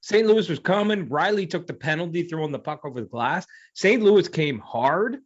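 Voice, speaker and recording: A man's voice: fairly high pitch, lively intonation. Jokey male podcast co-host. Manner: jokey, chimes in with quick asides. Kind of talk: casual sports chat. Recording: slightly dull lo-fi audio.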